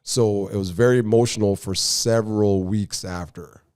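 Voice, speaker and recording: A man's voice: on the low side, steady tone, moderate pace, a little mellow, clean tone, dry recording, clean studio sound. A man as a podcast guest, telling his story in an earnest, reflective way. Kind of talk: casual conversational interview.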